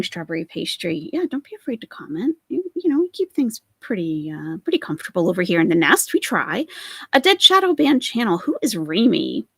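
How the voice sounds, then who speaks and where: A woman's voice: fairly low pitch, gravelly, slightly rough, no echo. A woman hosting a live stream, commenting on a clip and chatting with viewers in their comments. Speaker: commentary channel host.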